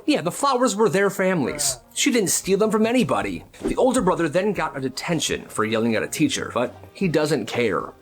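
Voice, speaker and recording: A man narrating short storytime clips with animated, dramatic delivery. His fairly high voice swoops widely as he tells the tale. Faint music plays beneath him. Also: normal speed, few pauses. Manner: animated and dramatic, acting out every character. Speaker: storyteller, short-video creator.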